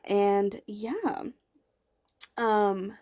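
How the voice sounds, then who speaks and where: A woman's voice: medium pitch, extremely slow, mellow. A young woman hosting a motivational podcast, talking earnestly and encouragingly with repeated emphasis. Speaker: podcast host and life coach.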